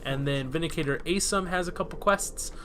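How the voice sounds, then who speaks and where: A man giving rambling, excitable let's play commentary, swearing freely while he plays. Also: on the high side, brisk, a crowd in the background. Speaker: gameplay commentator.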